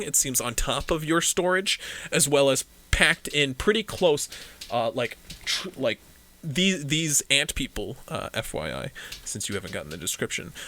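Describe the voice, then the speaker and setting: Bright-voiced man game master. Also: mid-range voice. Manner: descriptive, halting with fillers. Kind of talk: narrating a tabletop game.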